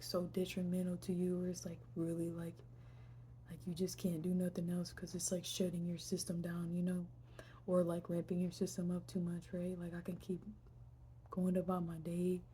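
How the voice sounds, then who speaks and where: Soft-spoken woman reflecting in a vlog. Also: on the low side, a little hiss or hum. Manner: reflective, heavy use of fillers, drifts into whispers. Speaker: vlogger. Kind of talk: casual personal vlog.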